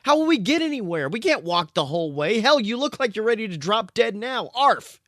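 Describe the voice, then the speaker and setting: A man voicing a big, anxious male dog, the younger brother, with high, strained barking yelps. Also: sing-song, a little fast, a bit bright, no echo, studio quality. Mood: urgent.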